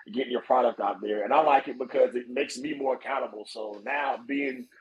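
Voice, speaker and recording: Animated man over crowd chatter. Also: mid-range voice, a little fast, rough recording. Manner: animated, swears casually, acts out quoted voices. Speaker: podcast guest, snake breeder. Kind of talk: casual chat.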